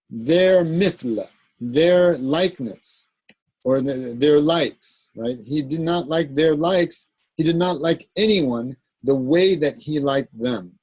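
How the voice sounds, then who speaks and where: A man's voice: fairly high pitch, a little mellow, breathy edge, no echo, low-quality recording. A man teaching an Arabic grammar class, explaining patiently and often checking in with "right?" as he goes. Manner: halting, with fillers and self-corrections. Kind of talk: classroom lecture.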